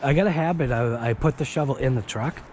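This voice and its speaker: A man's voice: medium pitch, fast talker. A man vlogging casually outdoors in a snowy driveway, talking to himself and laughing often. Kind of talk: casual self-talk vlog. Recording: loud outdoor wind and vehicle noise.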